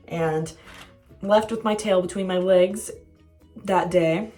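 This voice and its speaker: A woman's voice: fairly low pitch, fairly even intonation, takes it slowly, pauses often, mellow, soft background music. A young woman telling a casual storytime vlog, candid and self-mocking, swearing freely. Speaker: vlogger.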